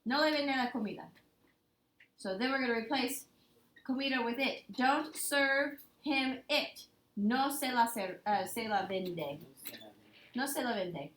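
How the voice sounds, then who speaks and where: Woman teacher, slightly high voice, quizzing students in an echoey classroom. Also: a little slow, fairly bright tone. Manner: quizzing students, repeating answers back. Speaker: Spanish teacher. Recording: echoey classroom with faint noise.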